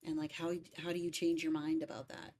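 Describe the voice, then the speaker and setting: Opinionated woman, slightly low voice. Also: level tone, a little fast, a little mellow. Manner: opinionated, emphatic about word stress. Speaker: music cover artist streaming. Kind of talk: casual livestream chat.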